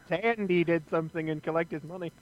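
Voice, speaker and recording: A man's voice: on the high side, fast talker, lo-fi sound. A man co-hosting a casual comic book podcast, dry and sarcastic, swearing casually. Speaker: podcast co-host.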